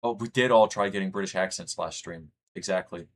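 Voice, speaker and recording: A deep-voiced young streamer from the US talks a little fast. He rambles casually with his livestream chat and reads messages out loud.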